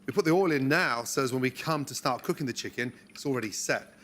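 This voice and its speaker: A man demonstrating a recipe step by step in a relaxed, encouraging way, as on a cooking show. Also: mid-range voice, quick pace. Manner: relaxed, encouraging, talks through each step.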